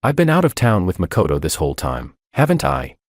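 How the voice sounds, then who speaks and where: A man's voice: low voice, huge pitch swings, brisk, no room sound, studio quality, heavily acted. A man reading the lines of an upset young wife in a story, with an indignant edge.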